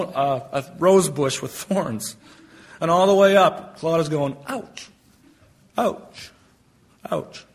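High, bright-voiced male preacher. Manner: emphatic, stretches key phrases. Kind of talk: sermon with storytelling.

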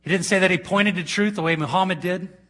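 A man preaching a sermon in a church, swinging between loud emphatic peaks and hushed low asides. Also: quick pace.

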